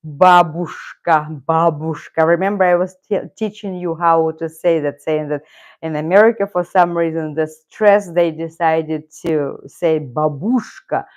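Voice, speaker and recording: A woman's voice: low voice, moderate pace, a little mellow, smooth. A middle-aged woman from Russia, a native Russian speaker, hosting a casual live stream with rambling, self-correcting talk and frequent chuckles. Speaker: channel host.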